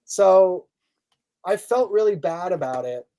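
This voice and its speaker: An American man, a guest on a podcast, telling an anecdote in a casual, animated way with lots of fillers and restarts. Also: high-pitched, slow pace. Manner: animated anecdote-telling, acts out others' lines; loose, filler-heavy talk with restarts. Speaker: guest, magazine editor.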